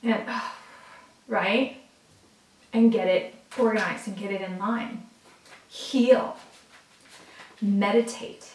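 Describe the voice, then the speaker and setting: A woman giving a casual, chatty tarot reading to her viewers, excitable and talking straight to them. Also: mid-range voice, a little hiss or hum. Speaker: tarot reader. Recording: roomy, from a distance.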